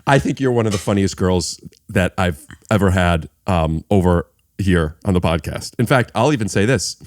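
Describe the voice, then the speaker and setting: A man's voice: low voice, lively intonation, moderate pace, no room sound, studio quality. A man hosting a podcast in casual chat, rambling and restarting his sentences with lots of fillers. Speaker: podcast host.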